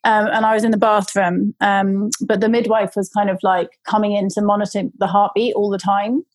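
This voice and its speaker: A woman's voice: medium pitch, flat delivery, a little fast, no room sound, low-quality recording. A woman casually telling a long personal story, with many fillers and restarts. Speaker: guest telling her birth story.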